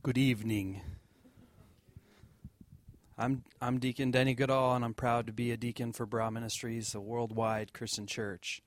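A man speaking as a church deacon, giving an earnest offering talk with fillers and restarts and a lively told story. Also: medium pitch, moderate pace, long pauses. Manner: earnest, loose, many fillers and restarts, livens up telling a joke story.

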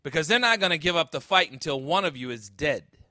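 A blunt, hard-nosed old Irish-American cop, as a preacher reads his lines, pressing his questions with force. The voice is bright and tense, set close and dry. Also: a little high, animated, a little slow, no room sound. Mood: forceful. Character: tough older Irish-American beat cop, blunt and menacing.

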